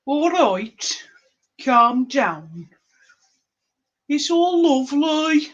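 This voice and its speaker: A woman hosting a live-streamed trivia game, chatty and playful, reading the questions out slowly. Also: high voice, big pitch swings, muffled recording. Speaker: livestream quiz host.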